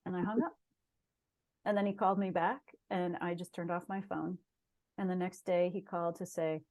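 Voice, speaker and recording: A woman's voice: mid-range voice, moderate pace, darkish tone. A middle-aged woman, a guest on an interview show, earnestly telling a personal story in casual conversation. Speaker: guest, shaman and massage therapist.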